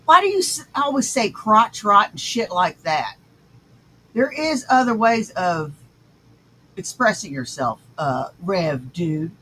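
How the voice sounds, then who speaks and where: A woman's voice: medium pitch, very animated, slow pace, a bit bright, a little hiss or hum, rough recording. A woman hosting a livestream, reacting to clips with scornful, insulting commentary. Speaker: stream host reacting to clips.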